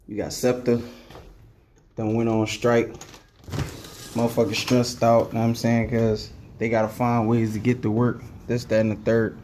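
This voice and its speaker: With a headache weighing on him, a young sports fan curses and fumes in a rant to camera, repeating "know what I'm saying" often. Yet his warm, medium-pitched voice stays monotone at a moderate pace, with slight background noise.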